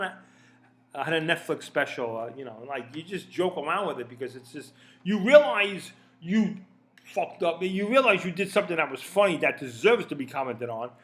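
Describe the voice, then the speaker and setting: A man's voice: fairly high pitch, a bit bright. A man giving a casual opinion rant, rambling and profane, often stammering and repeating words. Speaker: commentator.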